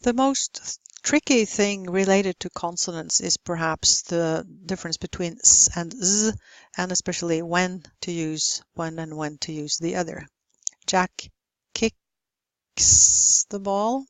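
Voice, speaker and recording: Woman teaching pronunciation, says example words one by one, unhurried, dry close sound. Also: on the low side, no room sound. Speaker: lecturer. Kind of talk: recorded slide lecture on pronunciation.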